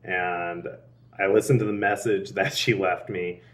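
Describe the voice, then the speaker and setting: A man's voice: deep voice, steady tone, unhurried, fairly bright tone, distant mic. A young man telling a personal faith story in a casual, earnest way, with frequent laughs and restarts. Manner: earnest, laughs often, many fillers and restarts. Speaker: interviewee.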